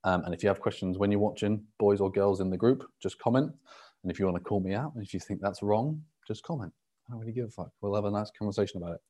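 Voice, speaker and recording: A man's voice: lowish voice, fast. Sweary, rambling male podcast host. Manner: relaxed, sweary, rambling with fillers. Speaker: podcast host and rugby fitness coach. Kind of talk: casual solo podcast. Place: indoors at a laptop on a live video call.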